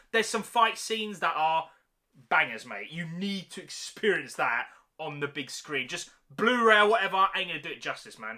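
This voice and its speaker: A man's voice: sits high, pushed and bright. A young man giving a casual, enthusiastic movie review full of slang, calling his viewers mate. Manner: enthusiastic slangy chatter, calls listeners mate.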